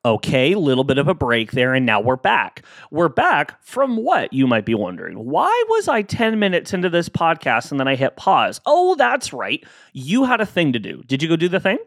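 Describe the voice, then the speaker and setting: A man's voice: medium pitch, wildly swooping pitch, brisk, few pauses, a bit bright, no echo, clean studio sound. A man hosting a casual solo podcast, chatting playfully and acting out both sides of imagined exchanges.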